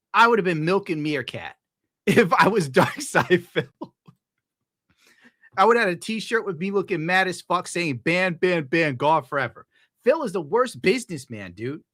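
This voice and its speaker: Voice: mid-range voice, bright, forceful tone, no room sound, studio quality. A streamer giving casual, profane, mocking commentary while reacting to clips.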